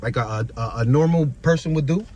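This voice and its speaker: A man's voice: fairly high pitch, a little fast, a little mellow, a little hiss or hum. A frustrated young man venting in a rambling monologue, repeating himself often, recorded outdoors in a busy public area.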